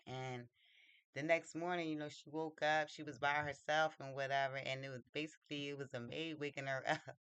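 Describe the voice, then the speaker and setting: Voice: medium pitch, little pitch movement, fairly quick, fairly bright tone, clean tone, no echo. A book reviewer casually retelling a novel's plot in loose, slangy talk full of fillers.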